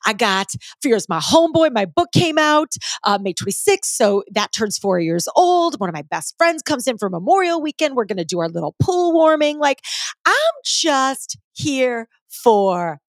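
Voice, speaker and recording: A woman's voice: on the high side, sing-song, normal speed, hardly any pauses, dry recording, clean studio sound. A woman in her forties hosting a casual solo podcast, talking in an upbeat, slangy way. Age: 40s. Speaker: podcast host.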